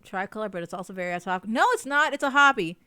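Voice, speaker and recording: A congested woman co-hosting a podcast in casual chat, chatty and quick to giggle. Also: mid-range voice, lively intonation, sharp tone, clean tone, no room sound, clean studio sound. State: congested, sniffly. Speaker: podcast co-host.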